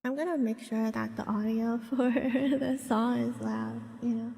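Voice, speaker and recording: A woman's voice: on the high side, steady tone, a little slow, vocal fry, mellow, breathy edge. A woman from Hong Kong chatting casually with her live-stream chat, laughing often and reacting to viewers. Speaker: VTuber streamer.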